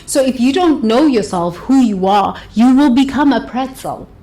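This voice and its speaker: A woman giving an expressive motivational talk, stretching words for emphasis and laughing often. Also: a little high, normal speed. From South Africa. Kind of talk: motivational monologue.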